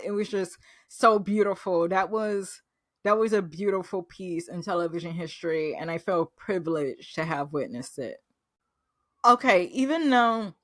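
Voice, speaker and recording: A woman's voice: mid-range voice, fairly bright tone, dry recording, studio quality. A woman hosting a TV recap vlog, talking in a gushing, emotional, exclamatory way. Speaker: TV recap host. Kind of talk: casual recap review.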